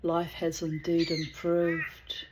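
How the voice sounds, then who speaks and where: A woman, an author telling personal stories in a chatty, digressive, animated way. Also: lowish voice, slow, noisy background. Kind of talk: casual storytelling with asides.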